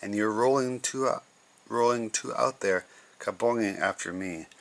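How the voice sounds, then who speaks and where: A man's voice: fairly low pitch, normal speed, gravelly. A man reading a storybook aloud, voicing a gracious, friendly female kangaroo.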